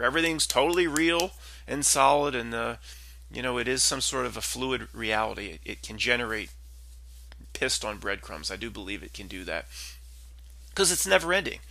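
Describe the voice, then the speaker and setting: A man's voice: mid-range voice, creaky, sharp tone, no echo. A man, talking in a rambling, skeptical monologue full of restarts and asides. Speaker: podcast host.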